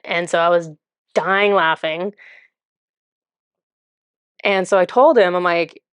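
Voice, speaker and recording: A woman with a somewhat low voice tells a story straight to camera, chatty and amused, often breaking into laughter. Now and then she sinks into a soft, breathy murmur. The recording is dry and close, with no room sound. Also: unhurried, pauses often, no room sound. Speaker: spiritual channeler.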